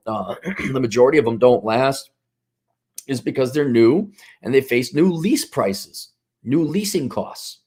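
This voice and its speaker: A man's voice: mid-range voice, husky. A man talking bluntly and sarcastically in a casual monologue, rambling. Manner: sarcastic, acts out mock voices. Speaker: commentator.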